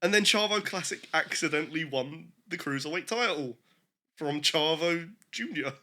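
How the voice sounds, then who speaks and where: Bright young man cracking dry quips. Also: fairly high pitch, lively intonation, normal speed. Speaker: podcast co-host. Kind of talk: casual chat.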